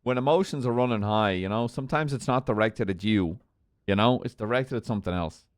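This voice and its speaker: Man as a relaxed sheriff, smooth clear voice, dry close sound. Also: on the low side, a little fast, dry recording, close to an everyday voice. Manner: calm, easygoing, uses "you know" and "brother". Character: laid-back male sheriff. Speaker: sheriff character. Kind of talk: game role-play.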